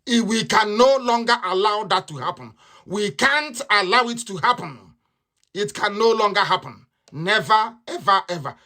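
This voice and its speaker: A man's voice: high voice, lively intonation, moderate pace, sharp tone. A man with a Nigerian accent giving a combative, mocking live radio address, repeating his points again and again. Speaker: radio broadcaster.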